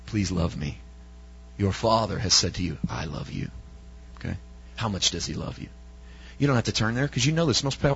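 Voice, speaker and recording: Guy preaching a sermon, kinda raspy voice, punchy, lots of questions, bit muffled audio. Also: medium pitch, a bit bright. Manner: emphatic, asks the congregation rhetorical questions.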